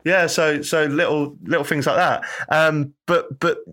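A man's voice: fairly high pitch, fairly even intonation, measured pace, pushed and bright. A young man, chatting as a podcast guest, rambling, restarting sentences and laughing often. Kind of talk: casual interview chat.

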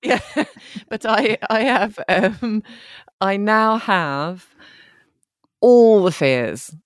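A woman's voice: mid-range voice, animated, drawn-out words, dry recording. Lady podcast cohost, candid chatty, giggles a lot, dry sound. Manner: laughs often, candid and self-deprecating. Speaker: podcast co-host. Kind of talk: casual chat. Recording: dry remote call audio.

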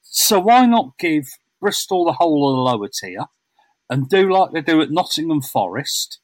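A man's voice: a little high, sing-song, normal speed, no echo, poor audio. A man co-hosting a casual football podcast, blunt, sweary and teasing. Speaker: podcast co-host.

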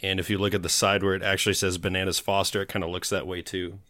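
A man's voice: low-pitched, level tone, quick pace, sharp tone, dry recording. A man co-hosting a casual podcast, joking around and reading out beer details. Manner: joking, reads out beer labels. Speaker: podcast co-host. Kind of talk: casual chat.

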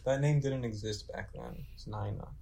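A man's voice: fairly low pitch, normal speed, over a noisy crowd. A man co-hosting a casual podcast while watching a film, explaining things in a dry, matter-of-fact way. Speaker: podcast co-host.

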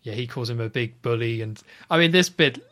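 A man's voice: mid-range voice, bright, forceful tone. Chatty man recapping a film. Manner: retells scenes at length, chatty with quick asides. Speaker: podcast co-host.

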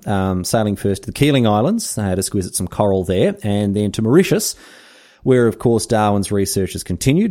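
A man's voice: on the low side, dark tone. An Australian man hosting a history podcast, telling the story in a casual, jokey, slangy way. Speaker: podcast host.

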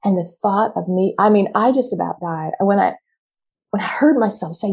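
A middle-aged woman giving a candid, animated motivational talk, acting out her own reactions as she coaches women. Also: medium pitch, normal speed, gravelly, breathy edge. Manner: candid and expressive, acts out quoted reactions.

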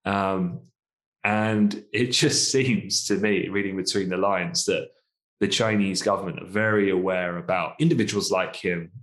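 A man's voice: sits low, fairly even intonation, measured pace, a bit bright. A man from the UK co-hosting a casual finance podcast, chatty, laughing often and hedging with asides. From United Kingdom. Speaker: podcast co-host.

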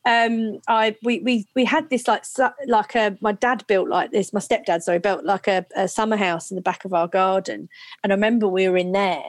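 A woman from England, an actress and comedian telling her story as a podcast guest, halting and repeating herself. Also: mid-range voice, steady tone, no room sound. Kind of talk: casual interview chat.

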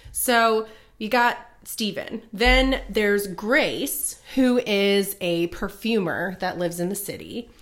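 A young adult woman in a relaxed podcast chat, rambling through a story full of "like" and "um". Her voice sits at a mid, ordinary pitch, and her tone is conversational and easygoing. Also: slow. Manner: rambling plot retelling, many fillers. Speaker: podcast co-host. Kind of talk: casual book chat.

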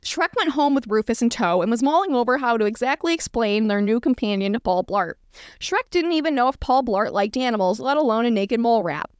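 Woman host, comedic read-aloud, fairly high voice, dry sound. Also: expressive, fairly quick, clean tone, no room sound. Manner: reading aloud with self-aware asides. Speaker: podcast host.

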